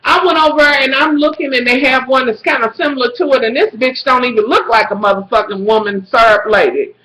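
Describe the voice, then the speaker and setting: A woman telling a profane, dramatic story to her viewers, swinging between shrill squeals and low mutters. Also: brisk, sharp tone, reverberant, low-quality recording. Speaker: vlogger. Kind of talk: profane storytelling rant to camera.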